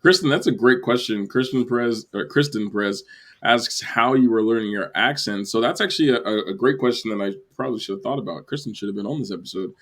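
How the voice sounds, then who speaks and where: A man's voice: medium pitch, fast talker, a bit bright. A man hosting a casual theater panel chat, rambling with restarts and laughter. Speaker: podcast host.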